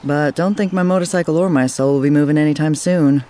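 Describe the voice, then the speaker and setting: A man's voice: fairly high pitch, quick pace, warm tone, natural voice. An actor playing a boastful, laid-back male biker in a radio ad. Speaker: motorcycle rider.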